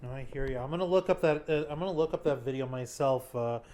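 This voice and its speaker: A man's voice: mid-range voice, fast, warm tone, slight background noise. A man hosting a podcast, interviewing a guest in a casual, earnest way as he searches for his words.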